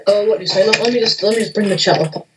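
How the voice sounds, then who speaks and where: A man's voice: high-pitched, very fast, recorded from a distance, noisy background. A man co-hosting a casual gaming livestream, stammering and repeating his words. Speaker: livestream co-host.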